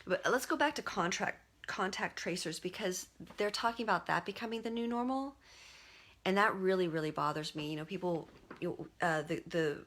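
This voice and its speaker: A woman with a slightly low-pitched voice, talking straight to her viewers on a live stream. She rambles casually, full of "like" and "um", restarting her sentences as she goes. It sounds like a phone or webcam mic. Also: fairly bright tone. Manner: rambling, conversational, many fillers and restarts. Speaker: artist and livestream host.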